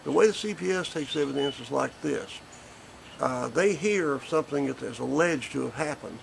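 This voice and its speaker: A man's voice: medium pitch, moderate pace, gravelly, slight background noise, low-quality recording. A man, a grandfather speaking bluntly and indignantly in a recorded statement. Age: 50s. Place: porch outdoors.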